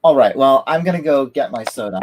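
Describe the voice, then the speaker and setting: A man's voice: medium pitch, animated, brisk, a crowd in the background. A man co-hosting a casual livestream chat, tossing off dry, teasing quips. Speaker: livestream co-host.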